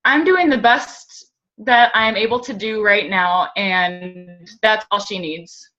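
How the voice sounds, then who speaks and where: A woman sharing personal thoughts on a group video call, speaking slowly and with emotion. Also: mid-range voice, bright, forceful tone. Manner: slow, emotional, tearful at times. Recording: dull lo-fi video call audio.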